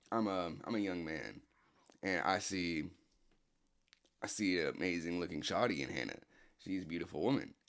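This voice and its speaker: A man's voice: low voice, vocal fry. A man casually telling a story to a friend in a console party chat, laid-back and rambling, full of slang and restarts, speaking into a game headset.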